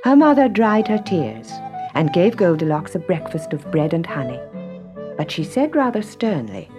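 A woman narrating a children's story in a slow, expressive storyteller manner. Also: highs cut off. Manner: slow, expressive, very lively pitch. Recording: music underneath. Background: instrumental music.

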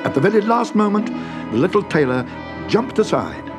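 A man reading a fairy tale aloud in an expressive, dramatic way. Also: high-pitched, normal speed. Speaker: narrator. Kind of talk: storybook reading. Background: music.

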